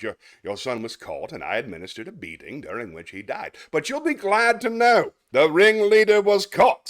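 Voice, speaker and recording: A man's voice: medium pitch, a bit bright. A man performing a comic monologue as a pompous, callous male school headmaster with stiff, formal bluster.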